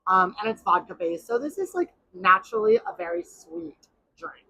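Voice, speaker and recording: A woman podcast host and bartender telling blunt, animated bar stories in casual chat. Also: mid-range voice, moderate pace, creaky, breathy edge, rough recording. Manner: blunt and animated storyteller, swears freely.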